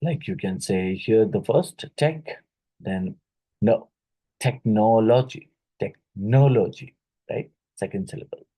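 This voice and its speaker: A man teaching an exam-prep lesson, reading each question twice and pausing with fillers and "right?" tag questions. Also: fairly low pitch, animated, mellow, husky, rough recording. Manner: halting, with many fillers and "right?" tags; repeats each question aloud.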